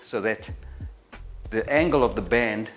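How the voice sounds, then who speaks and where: A middle-aged fitness instructor with a lowish voice coaches an exercise routine at a measured pace, counting reps aloud. His breathing is audible and he's a little winded during the sets, with faint music in the background.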